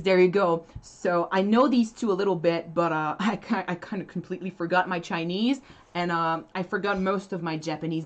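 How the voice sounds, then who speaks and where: A woman's voice: on the low side, dull audio. A woman, a native French speaker with a French accent, chatting casually as a livestream co-host, laughing often and restarting her sentences. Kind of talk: casual chat.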